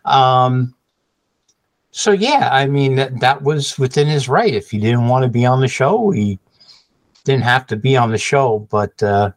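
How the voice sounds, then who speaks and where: A man co-hosting a podcast in casual chat, answering in hesitant, measured replies. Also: medium pitch, no echo. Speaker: podcast co-host.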